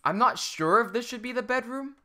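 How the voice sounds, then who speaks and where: A man's voice: extremely high pitch, lively intonation, brisk, sharp tone. A young adult man chatting casually on a live stream while gaming, rambling and often cutting himself off. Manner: rambling, self-interrupting, reads chat aloud.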